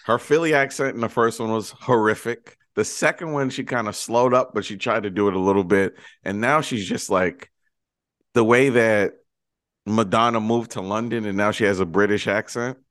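A man's voice: on the low side, normal speed, a bit bright, no room sound, studio quality. A man co-hosting a podcast, giving wry opinions in casual talk about films. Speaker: podcast co-host. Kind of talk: casual film discussion.

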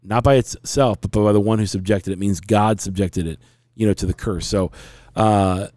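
A man's voice: on the low side, steady tone, normal speed, a little mellow, no room sound, studio quality. A middle-aged man hosting a casual talk show, telling a story in a frank, rambling way with many restarts. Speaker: podcast host.

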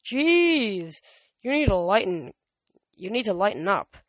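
A woman's voice: medium pitch, sing-song, a little slow, no echo. A woman voicing a brash, cocky young male god. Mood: teasing.

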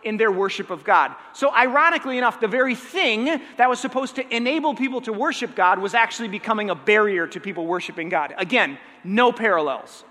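A man preaching a sermon in a lively, conversational way, often checking in with his listeners. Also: high voice, brisk, few pauses, in a large hall. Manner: energetic, conversational, checks in with the audience. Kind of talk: sermon teaching.

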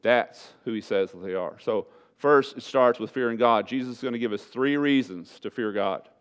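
A male pastor preaches a sermon in a church sanctuary at normal speed in a smooth voice, speaking with emphasis and repeating key phrases. The recording is dull and low-fidelity.

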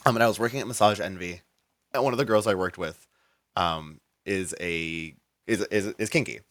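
Male guest, lower voice, loose rambling storyteller, dry recording. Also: moderate pace, a bit bright, no room sound. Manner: rambling, full of "like" and restarts. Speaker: interview guest. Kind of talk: casual storytelling in an interview.

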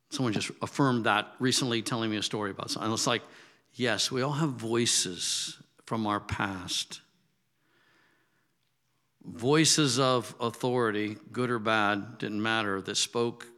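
A man's voice: fairly low pitch, sharp tone. A man preaching a sermon in a casual, conversational way that builds to emphatic, raised peaks. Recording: long hall reverb.

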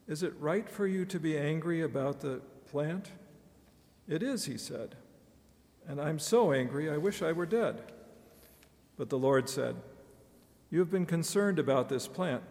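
A man reading scripture aloud to a church congregation, measured and expressive in the quoted speech. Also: medium pitch, creaky. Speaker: scripture reader. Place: church sanctuary. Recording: reverberant church hall.

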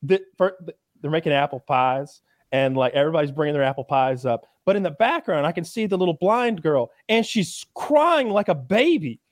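Casting: man, slightly high voice, dry close mic, swears a lot, animated storyteller. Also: moderate pace, no echo. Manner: profane, animated storytelling with acted quotes. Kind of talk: casual podcast chat.

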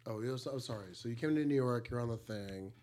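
A man's voice: mid-range voice, quick pace, a little mellow. A man hosting a podcast, chatting casually and teasing his guest with joking, prodding questions. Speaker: podcast host. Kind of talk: casual interview chat.

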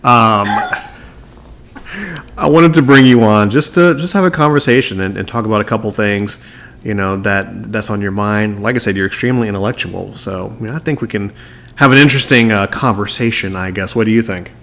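A man's voice: lowish voice, moderate pace, creaky, a bit bright. A man hosting a podcast, chatting casually and playfully, joking with his audience and his guest. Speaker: podcast host.

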